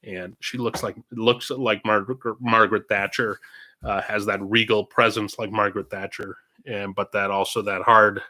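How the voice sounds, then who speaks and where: Chatty parish priest with a bright voice. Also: male voice, lowish voice, flat delivery, normal speed. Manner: chatty and meandering, drifting between topics. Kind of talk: casual livestream Q&A. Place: indoors at home, own room. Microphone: computer streaming setup.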